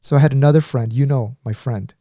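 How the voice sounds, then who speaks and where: A man's voice: medium pitch, fast talker, warm tone, no room sound, clean studio sound. A man in his thirties co-hosting a podcast, telling a story in casual chat and rambling with many fillers and restarts.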